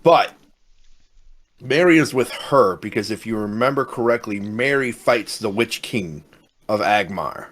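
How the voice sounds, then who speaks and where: A man co-hosting a podcast, retelling movie scenes in a rambling, animated way with casual swearing. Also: on the low side, unhurried. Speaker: podcast co-host.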